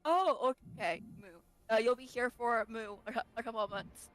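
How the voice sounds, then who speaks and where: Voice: medium pitch, moderate pace, fairly bright tone, low-quality recording. Player mooing in character. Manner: ends nearly every phrase with "moo"; repeats "like" when thinking. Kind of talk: in-character tabletop role-play.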